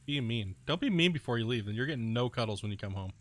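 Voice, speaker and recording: Soothing, bright-voiced young male streamer. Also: medium pitch, animated, quick pace. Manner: laid-back, joking, slangy. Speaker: live streamer. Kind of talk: casual chat to viewers while gaming.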